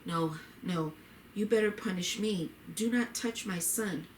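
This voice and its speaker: A woman's voice: mid-range voice, measured pace, slight background noise, close to an everyday voice. A woman reading the lines of a troubled, remorseful old priest in a story, in an earnest, pleading way. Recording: roomy echo.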